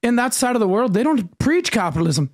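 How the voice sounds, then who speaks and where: Animated high-voiced man chatting. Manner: animated storyteller, quick affirmations. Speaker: podcast co-host. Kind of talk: casual podcast chat.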